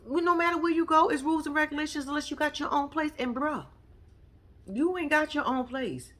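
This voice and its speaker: A woman's voice: high voice, a little fast. Woman ranting bout a reality tv episode, cusses a lot, does everybody's lines herself. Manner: blunt, profane, animated, acts out quoted people. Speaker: reality TV recap commentator. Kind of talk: casual commentary recapping a TV episode.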